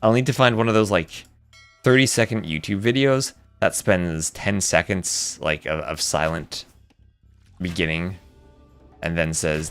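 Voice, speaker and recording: A man's voice: sits low, moderate pace, fairly bright tone, soft background music. A man casting a live strategy game match, calling plays and chatting with viewers between fights. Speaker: esports caster.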